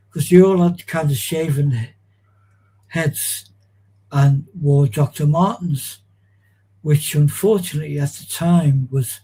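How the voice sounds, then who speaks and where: A man's voice: fairly high pitch, warm tone, husky, rough recording. A man, a guest on a chat show, reminiscing in a rambling, digressive way with many restarts.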